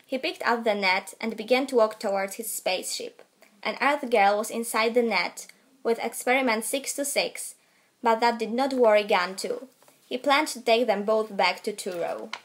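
A teenage girl reads a storybook aloud. Her voice sits a little high and she reads steadily and carefully. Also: moderate pace. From Poland. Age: late teens. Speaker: narrator. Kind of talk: student audiobook narration.

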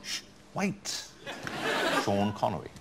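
A man hosting a chat show, playful, teasing and animated with his guest. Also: lowish voice, slow, creaky, very noisy. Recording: loud studio audience.

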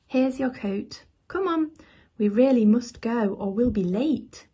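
A busy, loving mother, as a woman reading a bedtime story plays her, coaxing in a high, soft voice with gentle urgency. the reading stays slow and breathy. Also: expressive, heavily acted. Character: busy mother, hurried and fond.

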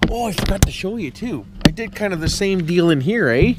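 A man's voice: high voice, expressive, fairly quick, very noisy. A Canadian man vlogging in a casual, jokey, folksy way, tagging his lines with friendly asides. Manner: jokey, folksy, tags lines with "eh" and "why wouldn't I". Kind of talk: casual chat to camera.

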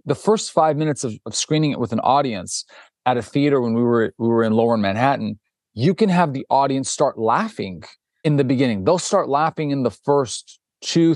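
A documentary director, a man with a medium-pitched voice, tells a story as an interview guest, voicing the people in it. He's animated, acts out their quoted lines, and keeps restarting himself. The recording is dry and studio quality.

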